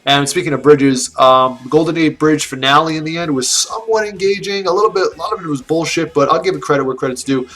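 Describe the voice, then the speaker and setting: A man's voice: a little high, a bit bright. A man giving a casual, rambling movie review, swearing often, laughing at his own jokes and restarting his sentences. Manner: rambling, profane, laughing, with many restarts and fillers. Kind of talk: casual film review rant.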